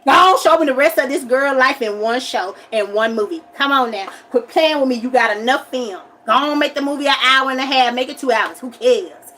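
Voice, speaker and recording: A woman's voice: high-pitched, slight background noise. Woman ranting animatedly on a livestream. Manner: animated, repetitive complaining, rising to shouts. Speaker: livestream host. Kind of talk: casual ranting monologue.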